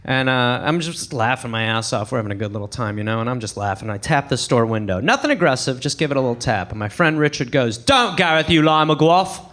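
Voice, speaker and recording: A man from England doing a stand-up routine on a comedy club stage, animated, acting out voices and laughing at his own jokes. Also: mid-range voice, fast, few pauses. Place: comedy club stage before a live audience.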